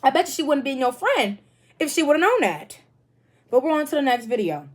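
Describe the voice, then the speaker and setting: A woman's voice: high-pitched, sing-song, fairly quick. A young woman hosting a reaction video, casual and candid, talking straight to her viewers.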